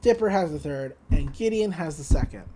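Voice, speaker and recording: A woman co-hosting a podcast, casually recapping a cartoon episode, laughing often and slipping into quick voices for the quotes. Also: low-pitched, breathy edge. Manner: giggly, animated retelling with quick voices for quotes. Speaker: podcast co-host.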